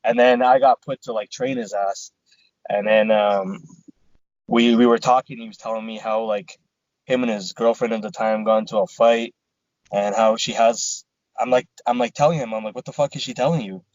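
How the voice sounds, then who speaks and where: A man's voice: mid-range voice, moderate pace, no room sound, lo-fi sound. A man co-hosting a podcast, casually telling a story with lots of swearing and quoted back-and-forth. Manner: swears a lot, animated retelling with quoted dialogue. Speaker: podcast co-host.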